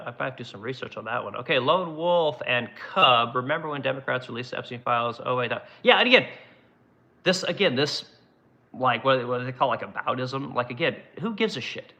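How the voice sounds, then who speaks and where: Heard through dull audio, a man with a sharp, mid-range voice rants on his own show, cursing constantly as he goes through viewer comments and fires back bluntly. He's an adult who has run his business for a decade.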